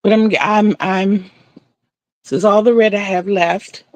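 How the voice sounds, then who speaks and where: A woman's voice: medium pitch, fairly even intonation, unhurried, no room sound. An older woman chatting casually on a live stream as she crochets, rambling and repeating herself.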